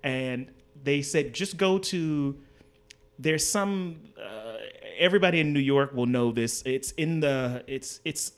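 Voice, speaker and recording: A man's voice: medium pitch, slow, clean tone. A man, a guest on a podcast, telling a story casually and acting out the voices of the people in it. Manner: animated storyteller, acts out dialogue with big swings in voice. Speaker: interview guest, designer.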